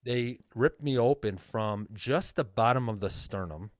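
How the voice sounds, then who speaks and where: A man's voice: medium pitch, unhurried, no echo, studio quality. A man speaking as a guest coach in a casual podcast interview, earnest and open in a plain-spoken way.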